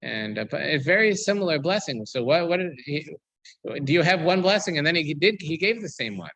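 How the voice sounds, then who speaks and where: A man's voice: on the high side, big pitch swings, a little fast, fairly bright tone, no echo, low-quality recording. A man, a rabbi, teaching a weekly Torah class, reading verses aloud and explaining them while he thinks aloud with many ums and restarts.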